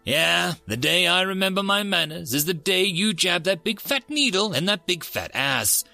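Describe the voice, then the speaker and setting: A man's voice: high voice, very animated, moderate pace, vocal fry, pushed and bright, no room sound, soft background music, voice pushed up, exaggerated voice. A man voicing a defiant, crude captured human prisoner who taunts his interrogator. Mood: taunting.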